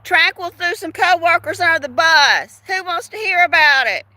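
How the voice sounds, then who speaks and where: A woman's voice: extremely high pitch, expressive, moderate pace, sharp tone, no echo. An older woman hosting a casual livestream, chatting in a gossipy way, laughing often and asking her viewers questions. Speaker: livestream host. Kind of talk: casual live chat.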